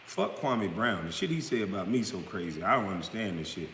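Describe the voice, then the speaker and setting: A man's voice: deep voice, lively intonation, brisk. Profane man ranting in echoey room. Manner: blunt, profane, confrontational, rising to loud outbursts; smoking hookah while talking. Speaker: vlogger responding to critics. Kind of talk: profane direct-to-camera rant. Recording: roomy echo with long reverb, faint background noise.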